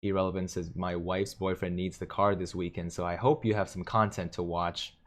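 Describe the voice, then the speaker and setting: Speaking briskly in a low voice, a livestream host casually reads viewer comments out loud. He cracks jokes and chuckles often as he moves between them.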